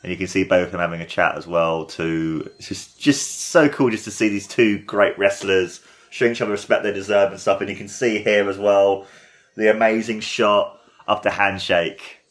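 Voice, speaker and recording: A young man hosts a casual watchalong and talks in a slightly low voice. He gushes and rambles with plenty of excitement. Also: normal speed. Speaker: podcast host.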